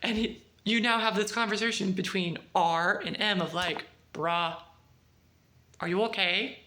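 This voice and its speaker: A woman casually reviewing a book, retelling the plot in a rambling, animated way with lots of "like". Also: mid-range voice, normal speed.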